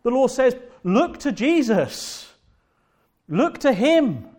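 A man with a notably high speaking voice delivers a sermon from the pulpit. He preaches with fervour, repeating phrases and slowing down to press home key words. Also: sing-song, a little mellow. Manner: fervent preaching with emphatic repetition and slow drawn-out stresses. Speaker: pastor.

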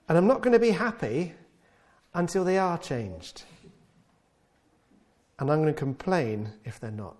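A man delivering a sermon in a fairly high voice that swings widely in pitch. He repeats key words for emphasis and stumbles now and then. When quoting a plea, he lifts his voice into a pleading tone. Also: normal speed, long pauses. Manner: animated, voices the psalmist's pleas in a raised pleading tone. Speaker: preacher.

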